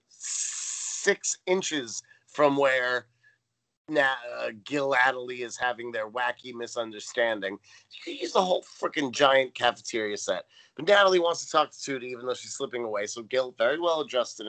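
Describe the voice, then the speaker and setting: Bright-voiced man recapping a sitcom. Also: medium pitch, no echo, rough recording. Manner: animated, swears casually, acts out character lines. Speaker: podcast co-host. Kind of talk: casual recap chat.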